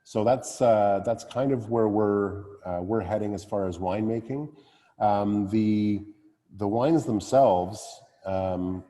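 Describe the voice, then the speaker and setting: Male winemaker, mellow low voice, hesitant casual talk, long reverb around him. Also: slow pace. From Canada. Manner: hesitant, many fillers and restarts. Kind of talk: casual talk at a virtual wine tasting.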